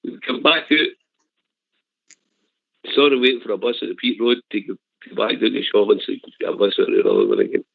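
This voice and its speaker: A man's voice: lowish voice, huge pitch swings, fast, gravelly, long pauses, dry recording. An older man with a Glasgow accent, calling in to tell a rambling story with laughs. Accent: Scottish, Glasgow. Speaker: caller. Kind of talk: phone-in storytelling. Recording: tinny phone line, dry.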